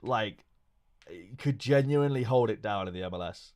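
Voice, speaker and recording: A man's voice: on the low side, animated, moderate pace, a little mellow. A young man streaming live, chatting casually with his viewers and joking with plenty of swearing. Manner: profane, joking banter with chat. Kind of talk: casual livestream chat.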